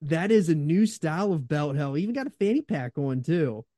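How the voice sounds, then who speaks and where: Guy chatting on a podcast, laughs a lot, mellow warm tone, dry close sound. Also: a little high, animated, normal speed, no echo. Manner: laughing, enthusiastic storytelling. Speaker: podcast co-host. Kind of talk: casual chat.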